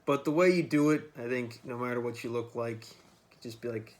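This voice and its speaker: A man's voice: mid-range voice, brisk. A man vlogging in a loose, rambling monologue, swearing freely as he talks. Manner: rambling, profane, freewheeling. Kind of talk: casual monologue to camera.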